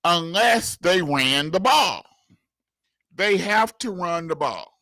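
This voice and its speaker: A man co-hosting a sports talk radio show, talking casually and excitedly, often repeating words. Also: sits high, slow pace, dry recording. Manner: animated, laughing, repeats words, southern US slang.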